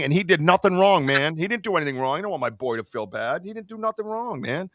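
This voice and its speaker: A man hosting a podcast in casual chat, excitable and rambling with lots of fillers. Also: fairly high pitch, brisk, hardly any pauses, dry recording. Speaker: podcast host.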